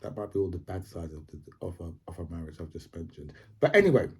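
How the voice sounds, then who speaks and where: A man's voice: sits low, big pitch swings, fast, breathy edge. A man giving a rambling casual opinion monologue to camera, tagging "right?" onto almost every phrase. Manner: rambling, says "right?" constantly. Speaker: video commentator.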